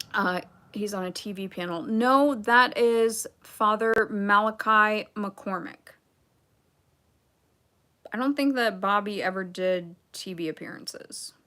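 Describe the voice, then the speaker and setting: A woman's voice: mid-range voice, a little slow, pushed and bright. A young adult woman hosting a casual livestream, reading chat and talking in a blunt, sarcastic, rambling way with asides.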